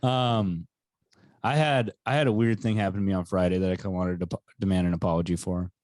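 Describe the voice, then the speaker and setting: A man's voice: low-pitched, fast talker, dry recording. Heated storytelling young man, dry sound. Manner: animated storytelling, swears freely, gets heated and loud. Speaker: podcast co-host and stand-up comedian. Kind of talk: casual chat, storytelling.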